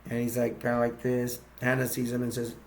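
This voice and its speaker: A man casually retelling a movie plot, rambling and halting with many fillers. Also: mid-range voice, completely flat delivery, a little mellow, a little hiss or hum. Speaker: movie recap youtuber.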